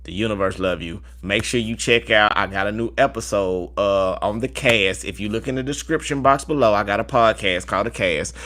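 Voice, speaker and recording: A man's voice: lowish voice, fairly quick, hardly any pauses, sharp tone. A man with a Southern US accent giving a casual tarot reading to his viewers and repeating affirmations in a chanting way. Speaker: tarot reader.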